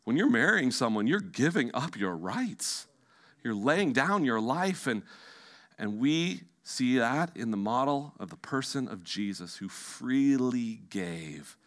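A male pastor preaching a sermon in a church, animated and emphatic at times, then dropping to hushed, quiet tones. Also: medium pitch, slow. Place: church sanctuary.

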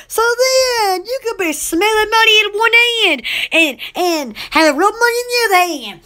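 A woman's voice: extremely high pitch, animated, moderate pace, pushed and bright. A woman hosting a casual livestream chat, rambling and giggly with lots of fillers and folksy rural slang. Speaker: channel host and small shop owner.

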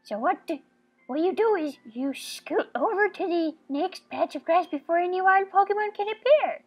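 A woman voicing a hyper, pushy young boy rival in a game commentary, talking excitedly and bossily. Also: extremely high pitch, soft background music. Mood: eager, bossy. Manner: excited, bossy and fast-talking. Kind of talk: let's play voice acting.

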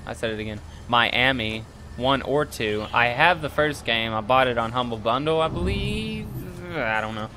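Male gamer, bright and forceful, rambling let's-play chatter with excited shouts. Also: mid-range voice, unhurried, hardly any pauses, a little hiss or hum. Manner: rambling and excitable, bursting into loud yells. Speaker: gameplay commentator. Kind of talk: casual let's-play commentary.

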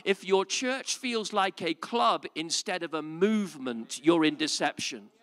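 A man preaching a live sermon to a church audience. He moves between joking asides, quiet reasoning and loud, emphatic calls. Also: on the high side, lively intonation, measured pace. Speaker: pastor.

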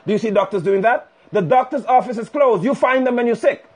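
A man's voice: very high voice, fairly quick, few pauses, husky. A male preacher delivering a fiery, scolding sermon live over a phone stream. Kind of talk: sermon on a livestream. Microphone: phone livestream.

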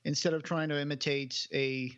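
A Portuguese man who speaks English with a mostly American sound, co-hosting a podcast in relaxed chat full of fillers. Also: fairly high pitch, normal speed, dull audio. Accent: Portuguese, with American-style English. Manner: relaxed, thinks aloud with many fillers. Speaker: podcast co-host.

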